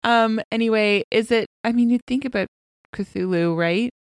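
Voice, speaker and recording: Female podcast co-host, easygoing and halting, dry close mic. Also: on the high side, clean tone, no echo. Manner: hesitant, many fillers, laughs easily. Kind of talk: casual chat.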